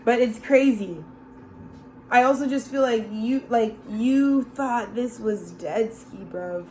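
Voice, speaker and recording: A woman's voice: on the high side, takes it slowly, a little mellow, slight background noise. Slangy woman giving a loose tarot reading. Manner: slangy and loose, calls listeners bro, swears, laughs often. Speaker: tarot reader. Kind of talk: casual channeled tarot reading.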